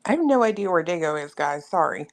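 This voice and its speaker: A woman's voice: on the low side, sing-song, fast talker. A woman co-hosting a casual online show, chatting playfully and joking to the audience while waiting on her partner. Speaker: co-host. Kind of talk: casual livestream chat.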